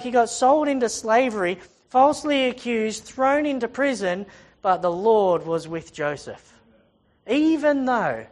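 A preacher reads scripture aloud in a sermon and retells it in casual everyday words, repeating phrases to stress his points. His voice is mid-range.

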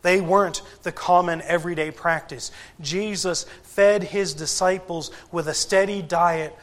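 A male preacher delivers a sermon in an unhurried, measured cadence, leaving long pauses between phrases. His voice sits a little higher than most men's, and he leans on rhetorical questions to press his points home. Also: fairly even intonation, fairly bright tone. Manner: deliberate, emphatic, with frequent pauses and rhetorical questions. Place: church gathering.

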